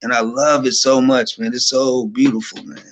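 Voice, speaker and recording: A man's voice: medium pitch, level tone, normal speed. Guy telling his spiritual testimony, all worked up, keeps restarting, regular mid voice. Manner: fervent and overwhelmed, many restarts. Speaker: guest. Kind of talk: emotional personal testimony.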